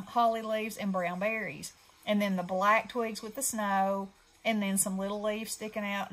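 A woman's voice: mid-range voice, low-quality recording. A middle-aged woman, chatting casually as she shows off her handmade craft projects, rambling with fillers. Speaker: craft channel host. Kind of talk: casual craft show-and-tell.

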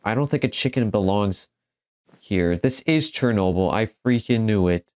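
A man's voice: lowish voice, animated, moderate pace, a little mellow, no echo. A man giving casual let's-play commentary, joking and exclaiming as he talks back to the game. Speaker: gaming commentator.

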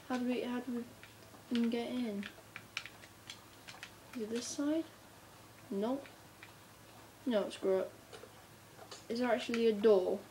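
A woman gives unhurried, relaxed commentary on her game, her voice pitched a little high and warm in tone. She chats to herself and the viewer, bursting into sudden excitement at her finds. Faint noise sits behind her on the recording. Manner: chatty, talks to herself while playing, bursts of excitement. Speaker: gamer narrating her play. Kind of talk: casual gameplay commentary.

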